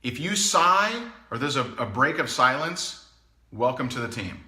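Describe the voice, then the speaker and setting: A man's voice: mid-range voice, measured pace. A man coaching live in a casual way, telling stories with emphasis and frequent chuckles. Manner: animated storyteller, emphatic, chuckles often. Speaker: sales coach. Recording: echoey room.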